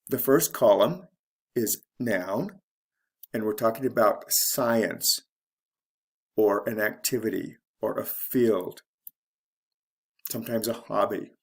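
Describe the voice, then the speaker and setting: A man teaching English pronunciation, explaining word stress slowly and deliberately and spelling out letters one by one. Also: on the low side, creaky, breathy edge. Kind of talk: slow instructional explanation.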